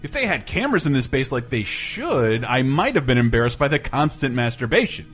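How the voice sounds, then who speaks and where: A man's voice: mid-range voice, big pitch swings, fairly quick, fairly bright tone, slightly rough, faint music behind. A man playing a crude, giddy stranded astronaut. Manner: boastful, over-the-top. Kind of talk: comedy sketch.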